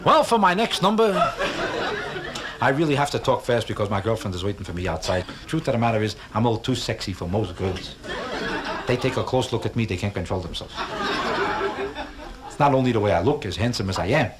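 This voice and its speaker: Sing-song comedian on a live vintage album. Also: male voice, on the low side, lively intonation, fairly quick, long pauses. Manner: sing-song, rhetorical questions to the audience, self-mocking boasts. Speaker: stand-up comedian. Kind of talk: stand-up comedy routine. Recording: live club album with audience laughter and vintage background hiss. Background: audience laughter.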